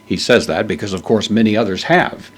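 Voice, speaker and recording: A man giving a measured, verse-by-verse Bible lesson, explaining the Greek words with frequent pauses. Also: on the low side. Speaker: Bible teacher.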